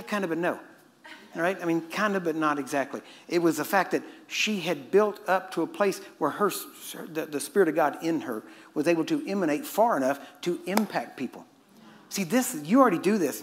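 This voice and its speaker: A middle-aged preacher from Texas, delivering a sermon in a fast, joking, conversational way. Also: male voice, a little high. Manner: fast-talking and joking with the audience.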